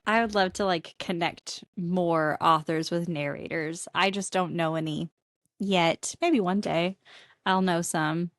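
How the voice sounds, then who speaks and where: A woman who owns a bookstore is a guest on a podcast, chatting in an upbeat way and laughing often. Her voice is a bit low and sounds dry and close. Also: steady tone, a little slow, fairly bright tone, no echo. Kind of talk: casual interview chat.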